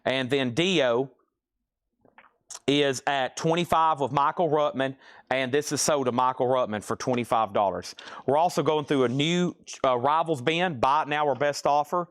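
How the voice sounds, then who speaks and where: A man's voice: medium pitch, moderate pace. Chatty man running a live record auction. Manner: chatty, joking, reading out prices and bids. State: out of breath.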